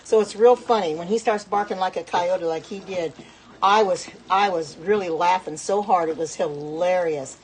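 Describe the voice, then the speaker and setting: A woman's voice: on the low side, normal speed, a little hiss or hum, poor audio. A middle-aged woman chatting in a rambling, self-correcting way while cooking at her home stove, talking to her viewers. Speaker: home cook. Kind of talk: casual cooking vlog talk.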